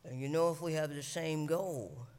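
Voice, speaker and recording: A man preaching a sermon to a congregation, shouting his exhortations. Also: a little high, normal speed. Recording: echoey church hall.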